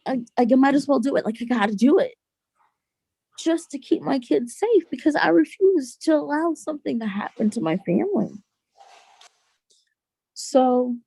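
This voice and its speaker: A young woman tells her personal story as a guest on an interview podcast. She speaks in an earnest, halting way and often restarts her sentences. Her voice has a gravelly fry and a dark, mellow tone, recorded dry and close. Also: high-pitched, dry recording.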